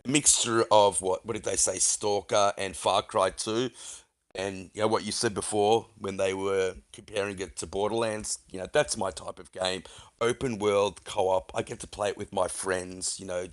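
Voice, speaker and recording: A man's voice: sits low, steady tone, moderate pace. A man in casual podcast chat, giving opinions and asking himself rhetorical questions.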